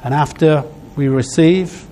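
A man preaching a sermon, heartfelt, in short phrases broken by pauses. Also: a little high, dark tone, slight background noise.

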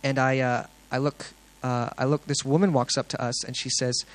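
Young man, testimony storytelling, earnest, excited, lots of ums and restarts, mid-pitched voice. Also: moderate pace, low-quality recording. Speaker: speaker sharing testimony.

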